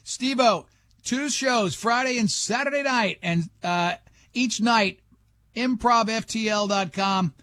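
High-voiced man hosting casual radio chat. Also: slow pace, sharp tone, slight background noise. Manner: laughing storyteller, acts out quoted voices. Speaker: radio show host.

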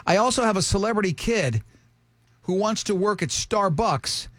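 A man's voice: sits high, expressive, moderate pace, no room sound. A man hosting a morning radio show, joking and teasing a caller through a quiz.

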